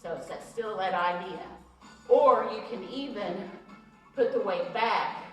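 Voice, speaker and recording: A woman instructor leads a belly-dance cardio class, calling out counts and cues at an unhurried pace while she moves. Her voice comes from some distance in a very echoey room. Faint music plays underneath. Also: mid-range voice, animated. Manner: jokey asides with laughs. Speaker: fitness instructor. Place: recreation center room.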